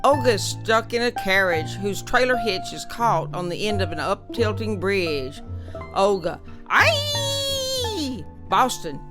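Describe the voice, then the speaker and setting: A woman narrating an illustrated story in an animated, playful way. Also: medium pitch, a little slow. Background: music.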